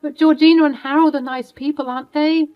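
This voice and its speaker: A woman's voice: high voice, steady tone, fairly quick, lo-fi sound, soft background music, voice pushed up, lightly acted. A woman voicing a frightened five-year-old boy who speaks in a small, pleading way. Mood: hopeful.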